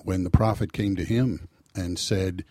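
Pria bersuara berat dan serak yang ragu-ragu. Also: male voice, sits low, fairly even intonation, unhurried, darkish tone, dry recording. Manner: hesitant, many ums, thoughtful. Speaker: co-host of a scripture reflection show. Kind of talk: conversational faith reflection.

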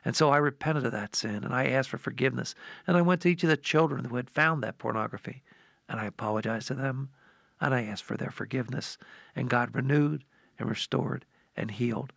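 A man's voice: mid-range voice, a little fast, creaky, a bit bright, dry recording, clean studio sound. A man telling an earnest, heartfelt personal story as part of a reflection. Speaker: co-host sharing a reflection. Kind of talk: personal testimony.

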